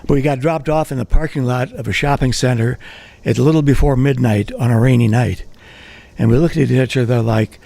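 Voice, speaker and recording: Male live storyteller, deadpan and wry, raspy gravelly tone. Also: medium pitch, normal speed. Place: live event at a writers' center.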